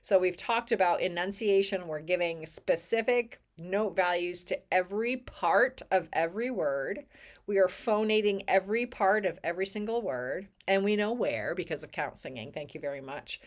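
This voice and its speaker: A woman teaching choir technique in an educational video, speaking clearly and with emphasis, sometimes singing short examples. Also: fairly low pitch, normal speed.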